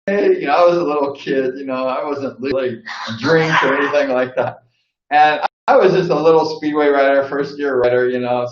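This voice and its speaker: A man's voice: a little high, muffled recording. Rambling man vlogging in an echoey room. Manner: rambling, heavy on fillers like "like" and "you know". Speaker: vlog host and former speedway rider. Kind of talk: casual storytelling.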